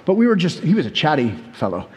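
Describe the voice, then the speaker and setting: A man with an American accent preaching a sermon as a pastor, telling stories in a conversational, animated way with many repetitions. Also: on the high side, fast, in a large hall, dull audio. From United States.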